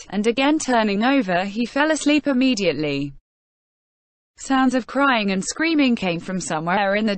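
A woman's voice: medium pitch, no room sound. Woman reading a classic novel aloud. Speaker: audiobook reader. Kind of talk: classic novel audiobook narration.

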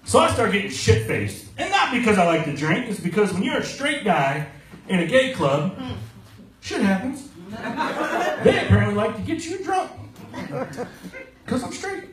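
A man's voice: high voice, big pitch swings, moderate pace, long pauses. A young man doing a crude, brash stand-up set in a club, acting out the people in his stories. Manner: crude, brash storytelling with acted-out quotes. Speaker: stand-up comedian. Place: comedy club stage, live crowd. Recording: roomy club from a distance, loud crowd. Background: audience laughter.

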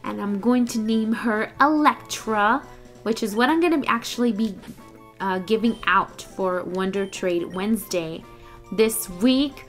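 A young woman chatting excitedly through a let's play, groaning and laughing at the game. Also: mid-range voice, measured pace, faint music behind. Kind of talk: casual gameplay commentary.

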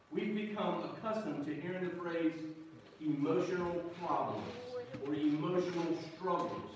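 A man's voice: on the high side, a little hiss or hum. A man preaching a sermon as pastor, folksy and joking, calling out to the congregation. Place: church sanctuary. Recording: echoey church hall, mic from a distance.

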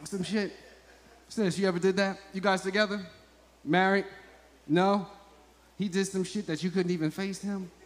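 A man doing stand-up crowd work, bantering with the audience in a loud, profane, joking way. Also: high-pitched, steady tone, normal speed, long pauses. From Montclair, New Jersey. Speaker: stand-up comedian. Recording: echoey live comedy venue.

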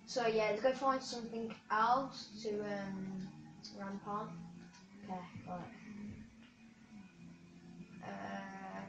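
A woman's voice: medium pitch, fairly even intonation, a little slow, noisy background. A woman giving chatty live gameplay commentary to her viewers, with sudden cheers and yelps. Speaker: gaming video creator. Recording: roomy, distant, dull lo-fi sound.

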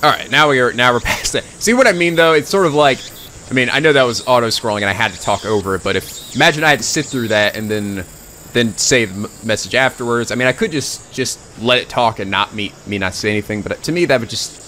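A man's voice: mid-range voice, fast, sharp tone, a little hiss or hum. Rambling let's play guy. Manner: rambling, restarts and self-corrections. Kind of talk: gameplay commentary.

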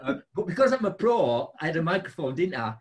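Lively, high-voiced storytelling man. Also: a little fast. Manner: animated, laughing storyteller with big pitch jumps. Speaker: podcast host. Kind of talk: casual storytelling chat.

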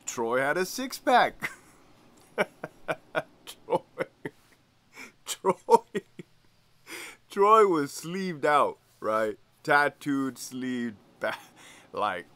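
Brief: former lieutenant turned host, bright, animated voice, easygoing and laughing often. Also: male voice, a little high, extremely slow, long pauses. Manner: chuckles often, keeps asking "right?". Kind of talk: casual storytelling vlog.

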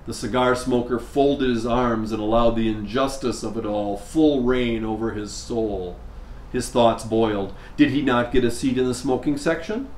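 A male priest giving a sermon, telling a story in an unhurried way with measured pauses. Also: mid-range voice, darkish tone. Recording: echoey room, faint background noise.

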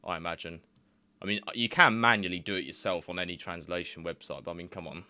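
A man's voice: sits low, fairly even intonation, quick pace, pushed and bright, smooth, dry recording. A young man giving casual, rambling commentary on his screen, laughing often and swearing freely. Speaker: YouTuber.

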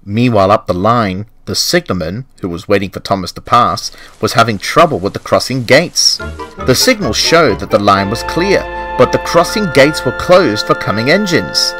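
Lively male storybook narrator. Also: mid-range voice, normal speed, soft background music, low-quality recording. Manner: lively, expressive reading.

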